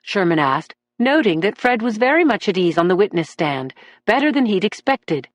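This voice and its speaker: A woman narrating a crime thriller audiobook in a steady, even storytelling manner, read close to the mic. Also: medium pitch, moderate pace, dry recording. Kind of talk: scripted narration.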